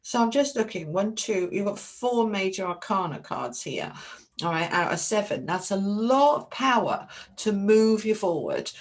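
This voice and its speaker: A woman giving a chatty, excitable tarot reading to camera, calling her viewers darlings. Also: mid-range voice. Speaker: tarot reader.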